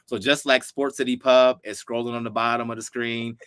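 A man in his fifties from Ohio, a guest telling animated stories in a casual interview and acting out the dialogue. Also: mid-range voice, fairly quick, clear, resonant tone, no echo, clean studio sound. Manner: animated storyteller who acts out quoted dialogue. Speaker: guest, former football player.

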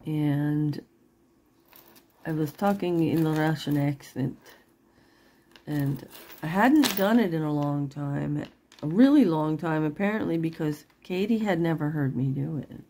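A woman's voice: deep voice, measured pace, dark tone. A middle-aged woman selling jewelry online in casual, rambling chat, laughing often and apologizing after she curses. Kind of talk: casual live-sale chat.

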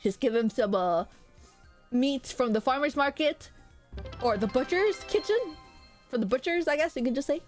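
A woman's voice: high-pitched, lively intonation, normal speed, pauses often, a little mellow. A woman streaming as a VTuber, chatting casually with her chat in a rambling way full of hesitant fillers. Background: faint background music.

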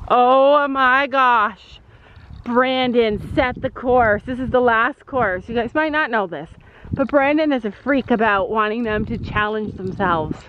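A woman's voice: a little high, unhurried, dull audio, slight background noise. A woman vlogging as a mom outdoors at a horse barn, chatting casually and explaining her gear to viewers. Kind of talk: casual vlog chat.

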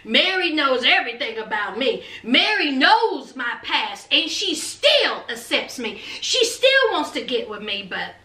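A woman's voice: sits high, very animated, measured pace, hardly any pauses, bright, forceful tone, recorded from a distance, voice pushed down, heavily acted. A woman voicing an upset man who doubts his girlfriend, in a musing, resigned manner. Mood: rueful. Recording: roomy, off-mic.

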